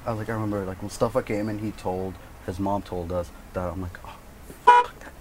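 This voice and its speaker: A man's voice: deep voice, steady tone, quick pace, heavy background noise. A man cohosting a podcast, telling a story in casual chat, acting out quotes and swearing freely.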